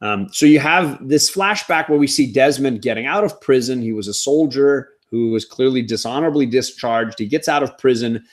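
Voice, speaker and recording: Man recapping a TV show, wry. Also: mid-range voice. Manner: animated, wry, with restarts and quick asides. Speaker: podcast host. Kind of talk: casual TV recap chat.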